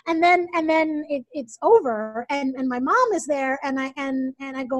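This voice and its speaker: A woman in her forties telling a personal story as a guest, emphatic and animated, swearing freely. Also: sits high, normal speed, hardly any pauses, no room sound. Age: 40s. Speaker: guest, event leader.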